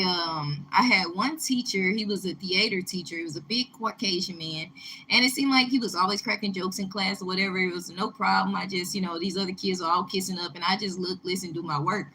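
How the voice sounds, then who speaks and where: Young woman from Texas, personal storyteller; bright, emphatic delivery, light noise bed. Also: fairly low pitch, low-quality recording. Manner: emphatic, animated retelling with rising indignation. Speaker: vlogger.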